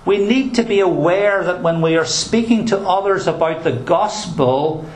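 A man's voice: high-pitched, unhurried. A male pastor preaching a sermon in an earnest, emphatic way, with touches of dry humor. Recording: roomy echo.

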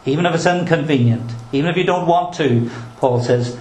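A man's voice: fairly high pitch, brisk, a little mellow. Earnest preacher man, echoey room. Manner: earnest, emphatic, with dry humor. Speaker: pastor. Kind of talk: sermon. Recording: roomy echo.

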